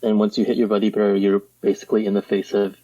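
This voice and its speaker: A man in a casual chat, explaining game tactics with halting restarts and fillers. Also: fairly low pitch, flat delivery, warm tone, dry recording. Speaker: guest player. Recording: dull lo-fi dry mic.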